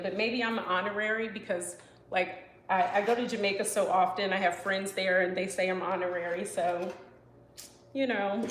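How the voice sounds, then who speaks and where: A woman's voice: medium pitch, fairly bright tone, echoey room, a little hiss or hum, low-quality recording. A woman chef chatting casually with live viewers while she cooks, rambling with lots of "you know" and "like" and answering comments as they come. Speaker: professional chef and live-stream host. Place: home kitchen.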